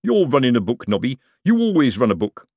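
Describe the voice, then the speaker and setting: A man's voice: medium pitch, wildly swooping pitch, brisk, darkish tone, slightly rough, dry recording, clean studio sound, full character voice. A man voicing a pompous, gloomy middle-aged police sergeant who lectures his partner like a know-it-all. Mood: lecturing.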